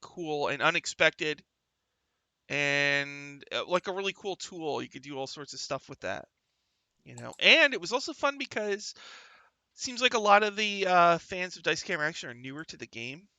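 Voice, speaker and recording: A man's voice: on the high side, expressive, moderate pace, bright, forceful tone, no echo. A man hosting a livestream talk show, chatting casually and rambling, with lots of fillers and restarts, sometimes reading viewer comments aloud. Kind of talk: casual chat.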